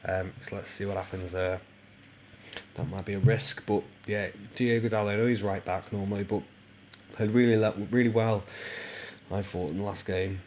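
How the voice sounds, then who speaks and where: Low-voiced gaming YouTuber. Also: male voice, moderate pace, slight background noise. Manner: rambling, full of ums, bursts into excited play-by-play. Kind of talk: casual let's-play commentary.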